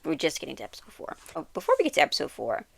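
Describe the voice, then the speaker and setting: Low, gravelly rambling vlogger voice. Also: female voice, rapid-fire. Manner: rambling, heavy use of "like" fillers, self-correcting; quotes characters with animated bursts and laughs. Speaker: YouTuber reviewing a TV series. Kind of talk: casual episode recap and commentary.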